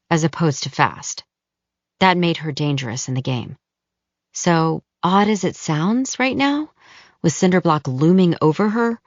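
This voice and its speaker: A woman reading a thriller audiobook in scripted narration, measured and even, close to the mic, in dull lo-fi audio. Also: sits low, gravelly, dry recording.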